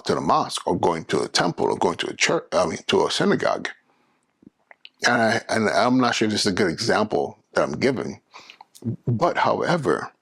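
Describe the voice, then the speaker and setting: A man talks through a casual solo podcast. His voice sits low and gravelly with a husky edge, and he restarts his phrases often, pressing hard on key words. The sound is dry and close. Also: no room sound. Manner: animated, restarts phrases, emphatic. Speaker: podcast host.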